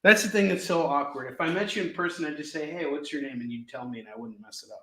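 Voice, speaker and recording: A man in his forties hosts a live comic sales stream, full of jokes, goofy asides and bursts of laughter. His voice is bright and forceful, sitting a bit high for a man, and it rings in an echoey room. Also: animated, fast. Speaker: live shopping show host selling comics.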